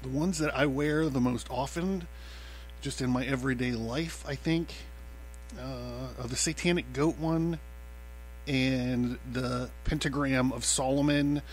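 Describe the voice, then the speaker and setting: A man's voice: medium pitch, fairly even intonation, measured pace, soft background music. A man hosting his own podcast, talking in a loose, rambling way, with lots of fillers, swearing and laughter. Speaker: podcast host. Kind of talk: casual rambling monologue.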